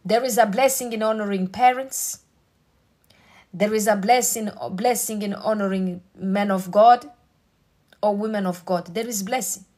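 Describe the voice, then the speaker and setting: A woman's voice: mid-range voice, moderate pace, a little mellow. Woman, preacher, sermon, emphatic, repetitive.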